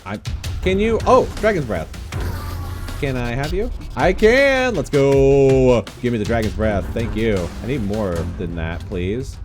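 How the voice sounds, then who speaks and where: A man commentating his own video game playthrough with excitable, joking reactions and frequent laughs. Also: mid-range voice, a little slow, soft background music. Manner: excitable, jokey, yelps and laughs. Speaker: gaming YouTuber. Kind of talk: Let's Play commentary.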